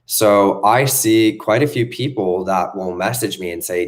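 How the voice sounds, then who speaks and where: A young man with a fairly low voice rants as a self-help coach, speaking off the cuff. He talks emphatically, piles up repeated phrases and swears freely. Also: measured pace. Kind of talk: unscripted motivational rant.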